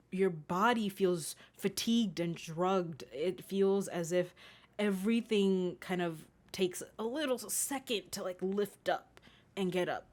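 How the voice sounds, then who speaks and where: A woman's voice: mid-range voice, a little mellow. A woman narrating as game master, describing scenes in a hesitant way with many fillers.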